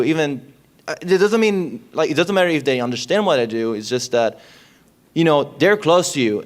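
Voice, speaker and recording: A man on a convention panel giving advice in a rambling, halting way with restarts. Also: medium pitch.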